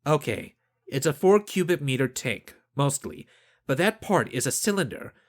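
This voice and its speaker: A man voicing a clever young crewman who argues regulations in a calm, methodical way. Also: mid-range voice, moderate pace, voice pushed up, natural voice. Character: clever young man, precise crew accountant.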